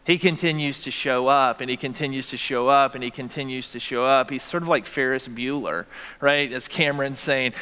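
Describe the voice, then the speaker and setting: A man's voice: medium pitch, normal speed, sharp tone, smooth, big-room sound. A man preaching a sermon as pastor, with dynamic delivery that acts out the voices he quotes. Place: church sanctuary.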